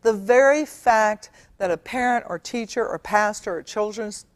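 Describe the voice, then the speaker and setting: A woman's voice: mid-range voice, moderate pace, no echo. A middle-aged woman giving an earnest, emphatic Bible teaching in a studio, stretching out key words and using fillers. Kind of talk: teaching sermon.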